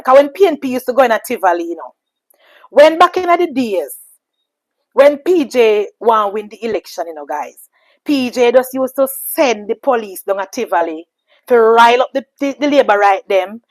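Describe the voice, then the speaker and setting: A woman's voice: fairly high pitch, no room sound, poor audio. A woman with a Jamaican accent giving an impassioned political monologue, emphatic and repetitive with a preachy ring. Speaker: political commentator.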